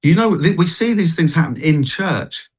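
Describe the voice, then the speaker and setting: Man, evangelist, testimony, animated, restarts. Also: on the high side, moderate pace, slightly rough. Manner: animated storytelling, many restarts. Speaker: street evangelist and worship singer. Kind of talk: testimony in a Christian talk show interview.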